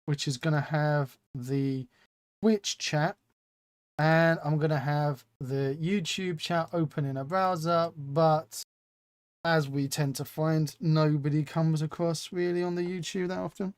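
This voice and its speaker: Slow-talking, chatty male streamer. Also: fairly high pitch, fairly even intonation, clean tone, no room sound, clean studio sound. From England. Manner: chatty, self-mocking, reads chat aloud. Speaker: live stream host. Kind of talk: casual live stream chat.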